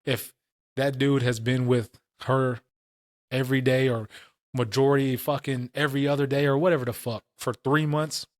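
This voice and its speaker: A man's voice: medium pitch, flat delivery, normal speed, no room sound, clean studio sound. A man in his late twenties or thirties, co-hosting a casual podcast and telling stories in heavy, profane street slang. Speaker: podcast co-host.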